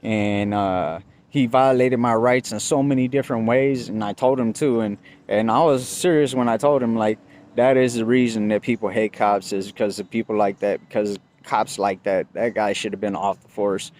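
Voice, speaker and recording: A man's voice: steady tone, moderate pace, a little mellow, a little hiss or hum. Profane, agitated man retelling a confrontation. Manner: profane, agitated storytelling, voice jumps high when quoting himself. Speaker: vlogger. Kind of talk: casual spoken recap.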